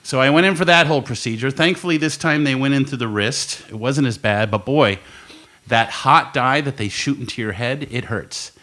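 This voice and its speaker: A man's voice: medium pitch, normal speed, bright, forceful tone. A man co-hosting a podcast in a studio, telling a long story in casual chat, swearing and laughing as he goes. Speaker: podcast co-host. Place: recording studio.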